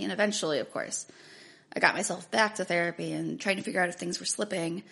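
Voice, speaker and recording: A woman's voice: on the low side, quick pace, gravelly, fairly bright tone. A woman in her thirties telling her own story earnestly and reading aloud from a book she wrote. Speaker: author sharing her story. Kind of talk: personal testimony with a book reading.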